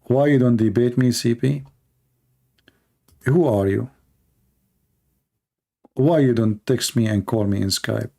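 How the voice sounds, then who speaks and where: A livestream host speaks slowly with a dark, creaky mid-range voice, pausing often. His unscripted monologue is combative, mocking, and rambling, and his voice sounds worn after hours of talking.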